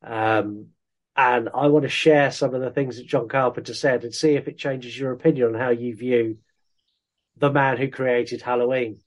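A man's voice: medium pitch, steady tone, moderate pace. A man co-hosting a podcast in casual chat, bringing up news items with enthusiasm. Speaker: podcast co-host.

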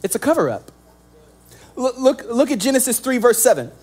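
A young man preaching a sermon as pastor, animated and joking, acting out little scenes as he goes. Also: very high-pitched, fairly quick.

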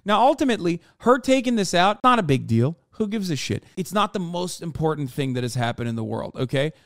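A man's voice: fairly high pitch, big pitch swings, fairly quick, fairly bright tone, dry recording. A man hosting a live podcast, giving a heated, profane and sarcastic rant into a close microphone. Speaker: streamer podcast host. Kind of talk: ranting live commentary.

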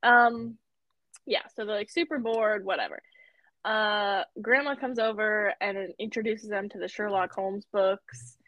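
A woman's voice: mid-range voice, fairly even intonation, a little slow, a bit bright, dry recording, muffled recording. A woman co-hosting a podcast, recapping a cartoon episode in casual chat, often laughing and using many fillers. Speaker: podcast co-host.

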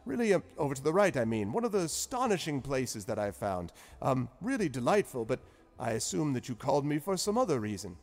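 A jovial old giant wizard with a long white beard, as a man puts him on, his voice soaring high and swooping all over. He talks in a grand, flowery, beaming manner, in a tabletop role-play. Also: very animated, a little fast. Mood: genial.

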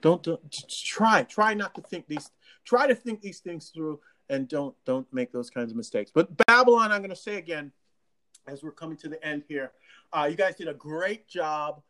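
Lively, animated local official. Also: mid-range voice, normal speed. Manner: animated, laughs often, many restarts. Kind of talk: casual livestream talk.

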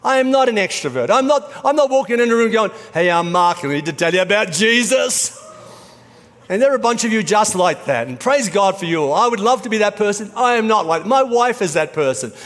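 High-voiced pastor preaching. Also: male voice, animated, fast, few pauses. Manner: conversational storytelling preaching. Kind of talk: sermon. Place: church auditorium. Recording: reverberant church hall.

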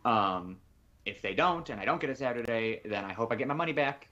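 A man's voice: mid-range voice, expressive, fairly quick, sharp tone, highs cut off. Man telling a long story. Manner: rambling storytelling, quoting others on the phone. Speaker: podcast co-host. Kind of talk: casual chat.

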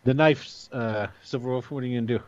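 A man's voice: medium pitch, fairly quick, no echo, dull audio. A man narrating and running a tabletop role-playing game in a casual, chatty way. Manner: casual, chatty, with many restarts. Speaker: game master.

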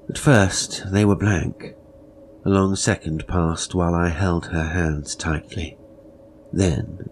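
Deep-voiced man reading a horror tale. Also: a little mellow, a little hiss or hum. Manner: measured, grave, dropping to whispers. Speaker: narrator. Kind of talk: dramatic horror story reading.

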